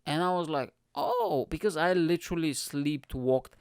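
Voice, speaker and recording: A man's voice: on the high side, normal speed, clear, resonant tone, no room sound, studio quality. A young man from Bulgaria, a comedian hosting his own podcast, telling a story in a loose, slangy way full of "like" and "bro". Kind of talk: casual storytelling monologue.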